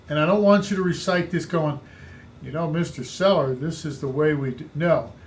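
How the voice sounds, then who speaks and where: A man's voice: a little high, slight background noise. A man coaching real estate agents in an emphatic podcast talk, driving points home by repeating key phrases.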